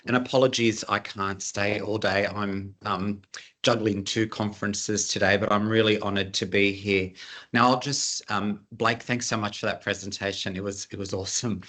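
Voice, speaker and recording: A man's voice: on the low side, little pitch movement, normal speed, fairly bright tone. A man presenting at an online conference over a video call, earnest and chatty, with frequent fillers.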